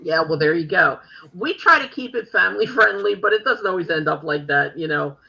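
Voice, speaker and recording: A woman's voice: on the low side, expressive, fairly quick, gravelly, sharp tone. A woman hosting a talk show in casual chat, rambling with lots of fillers, on dull lo-fi audio.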